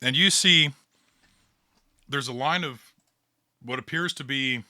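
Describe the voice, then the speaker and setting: A man's voice: mid-range voice, slow, bright, forceful tone, no room sound. A man running a tabletop game as the storyteller, narrating in a loose, chatty way.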